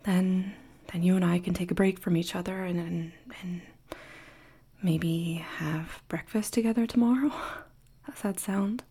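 Breathy woman in whispered role-play. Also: lowish voice, steady tone, a little slow, mellow. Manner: breathy, stammering, pleading. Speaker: audio role-play performer.

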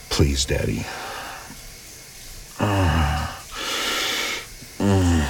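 A man murmurs through an intimate audio role-play in an extremely deep, gravelly voice. He takes his time, trailing into soft whispers and sighs. The recording carries a steady hiss of noise behind him. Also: slow pace, pauses often.

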